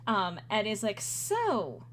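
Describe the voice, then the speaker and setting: A fairly high-voiced woman runs a tabletop game, chatty and animated as she narrates. A faint hum sits behind her voice. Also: moderate pace. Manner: animated, chatty, laughs often. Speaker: game master.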